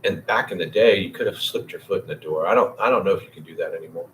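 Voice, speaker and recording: Low-voiced man rambling to his livestream chat. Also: fast talker, fairly bright tone, a little hiss or hum, poor audio. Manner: rambling, swearing, talks to chat by name. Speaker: livestream host. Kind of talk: casual livestream chat with viewers.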